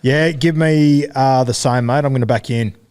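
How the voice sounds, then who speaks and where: Loud, jokey male co-host, middle pitch, a touch off-mic. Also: normal speed, smooth. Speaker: podcast co-host. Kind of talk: casual podcast chat.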